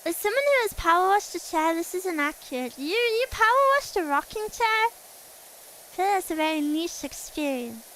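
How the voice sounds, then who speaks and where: A woman's voice: very high voice, animated, normal speed, fairly bright tone, a little hiss or hum, low-quality recording. A young woman streamer chatting casually while playing a game, giggly and reading chat aloud.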